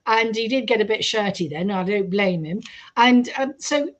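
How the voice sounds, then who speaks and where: A woman, a guest on a radio show, telling a story in a lively way and acting out the quoted voices. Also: medium pitch, normal speed. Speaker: guest researcher. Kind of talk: storytelling in an interview.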